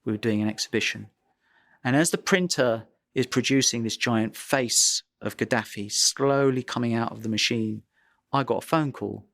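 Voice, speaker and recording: A man, a photographer being interviewed, telling a personal anecdote in a vivid, dramatic way with pauses for effect. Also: mid-range voice, vocal fry, a bit bright, no room sound, clean studio sound.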